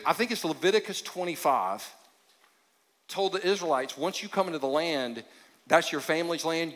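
A male pastor preaching a sermon in a conversational, joking way, with sudden drops into quiet emphasis. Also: a little high. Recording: long hall reverb.

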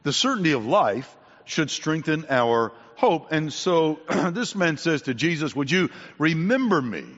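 Preaching man with a lively delivery. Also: fairly high pitch, a little slow, hardly any pauses. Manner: preaching, repeats key points, clears throat often. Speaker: pastor. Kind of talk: sermon. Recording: dull sound with long hall reverb.

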